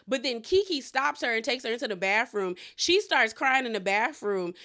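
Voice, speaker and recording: Bright, gossipy woman recapping reality TV. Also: on the high side, lively intonation, normal speed, few pauses. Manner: gossipy, retells scenes quoting people, laughs often. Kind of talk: casual recap chat.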